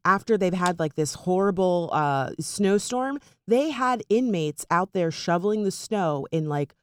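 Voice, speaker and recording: A young woman co-hosting a podcast in casual chat, animated and full of "like" fillers. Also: on the low side, a little slow, smooth. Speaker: podcast co-host.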